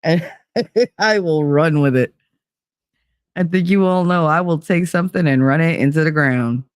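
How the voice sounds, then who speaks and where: A woman's voice: deep voice, a little slow, dry recording, studio quality. A woman casually chatting with her livestream chat, bubbly and teasing, laughing a lot and tired from little sleep. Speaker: livestream host reading chat.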